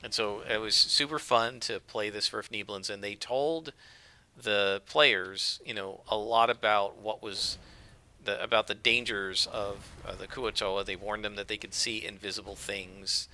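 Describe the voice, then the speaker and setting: A man's voice: on the low side, fairly even intonation, unhurried, pushed and bright. A man casually chatting while playing a game, rambling with lots of fillers. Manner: rambling, conversational, with frequent fillers. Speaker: let's play gamer.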